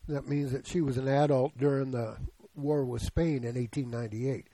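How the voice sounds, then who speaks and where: A man's voice: medium pitch, steady tone, normal speed, mellow, no echo, low-quality recording. A man in his seventies preaching a sermon in a conversational way, often putting questions to the congregation. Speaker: pastor.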